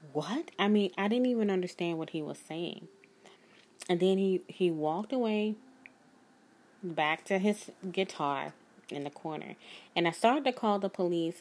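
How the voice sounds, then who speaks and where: A woman's voice: on the low side, darkish tone. A woman, a spiritual life coach telling a personal story to her viewers in an earnest, emphatic way. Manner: earnest, emphatic, speaks of God.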